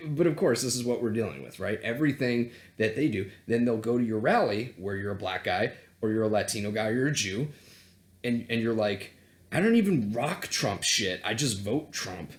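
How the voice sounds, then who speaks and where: A man's voice: mid-range voice, lively intonation, normal speed. A man on a vlog, ranting heatedly and sarcastically, with plenty of swearing. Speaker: self-help vlogger and coach. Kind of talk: unscripted profane political rant.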